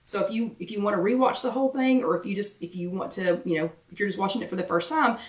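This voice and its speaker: A woman hosts a chatty live stream while her voice is going hoarse. She sits back from the mic, so her voice sounds distant. It also has a roomy echo. She greets viewers one by one in a casual, familiar way. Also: mid-range voice, quick pace. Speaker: host of a live weight-loss workshop chat.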